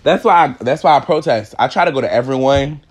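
A man's voice: mid-range voice, brisk. A man hosting a podcast who delivers a heated, emphatic opinion monologue full of swearing. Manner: emphatic, profane, ranting. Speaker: podcast host.

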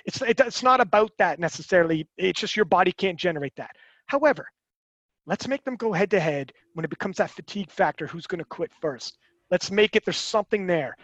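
A man talking casually on a podcast, animated and rambling, with frequent restarts and swearing. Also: high voice, brisk, dry recording, lo-fi sound.

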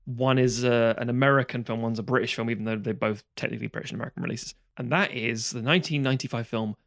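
Brief: male co-host, rapid rambling talker, curses casually, dry studio sound. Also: mid-range voice, fairly even intonation, creaky, a bit bright, dry recording. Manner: fast, rambling, swears freely, frequent restarts. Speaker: podcast co-host. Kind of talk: casual film discussion.

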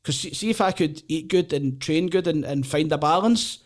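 A man with a Glaswegian accent, a comedian and former soldier, telling animated stories in casual chat and laughing often. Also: on the high side, normal speed. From Glasgow, Scotland. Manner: animated, laughs often, acts out voices in anecdotes.

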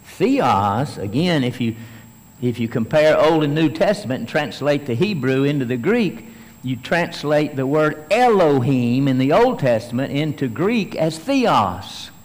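A man preaching a sermon as a pastor, building to emphatic bursts and then slowing to stress key phrases. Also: on the high side, very animated, in a large hall.

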